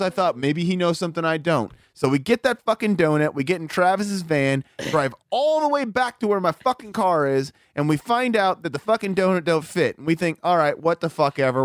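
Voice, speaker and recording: Male, 40, higher-pitched, profane and animated raconteur; dry, close-miked recording. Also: no echo. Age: 40s. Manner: profane, animated storytelling with acted-out quotes. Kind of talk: casual storytelling chat.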